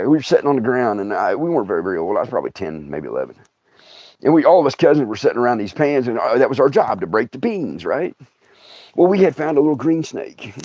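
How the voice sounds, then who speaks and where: A middle-aged man telling stories on a livestream in a casual, animated way, laughing often and acting out other people's voices. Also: fairly high pitch, no echo, highs cut off. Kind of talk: casual storytelling.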